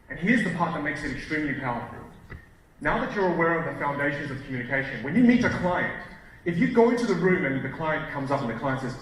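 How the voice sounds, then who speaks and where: A man coaching a live seminar audience from a stage, animated, shifting his volume and pace for emphasis. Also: fairly high pitch. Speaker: communication coach. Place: stage in a large hall. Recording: very echoey hall, distant mic, faint hiss.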